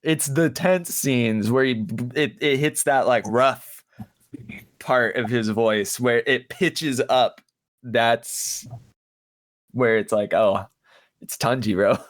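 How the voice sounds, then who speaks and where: Halting male podcaster, dry close sound. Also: mid-range voice, no room sound. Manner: halting, many restarts and "like" fillers. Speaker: podcast co-host. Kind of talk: casual chat.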